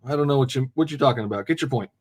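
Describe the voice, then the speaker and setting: A man's voice: medium pitch, racing, darkish tone, slightly rough. A man hosting a live call-in debate podcast, blunt, mocking and profane, laughing often. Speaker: host.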